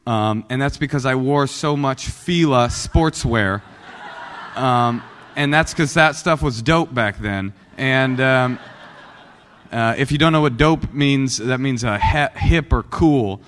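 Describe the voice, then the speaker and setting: A man in his forties from Oakland gives a personal recovery talk to a live audience. He tells it as a joking, self-deprecating storyteller at a middle pitch. The voice carries a long reverb from a meeting hall. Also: takes it slowly, a bit bright, slight background noise. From Oakland, California. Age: 40s. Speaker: guest speaker at a recovery meeting.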